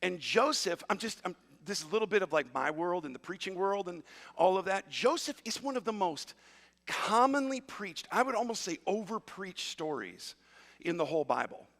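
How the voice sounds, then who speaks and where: A man preaching a sermon as pastor, retelling a story in a lively, conversational way with asides to the congregation. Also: high-pitched, normal speed, big-room sound. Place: church auditorium.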